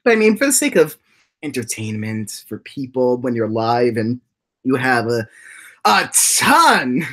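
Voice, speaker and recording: A man hosting a casual livestream, rambling through his thoughts and reading chat comments, with many restarts and repeated words, and often jumping up into high, giddy laughing bursts. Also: sing-song, measured pace, a bit bright. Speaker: livestream host and animation creator.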